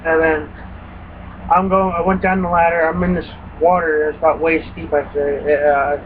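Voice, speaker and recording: A high-voiced young man tells rambling, profane stories, acting out his own startled reactions. The sound is thin and phone-like, with a faint hiss behind it. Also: moderate pace. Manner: profane, animated retelling with quoted reactions. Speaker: gaming vlogger. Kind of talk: casual rambling story.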